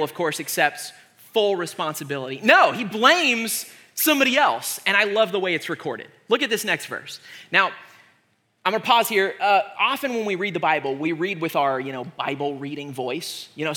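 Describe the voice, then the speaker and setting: Man, 30s, preacher, comedic sermon, sarcastic, high voice, bright. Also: moderate pace. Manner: animated, joking, sarcastic.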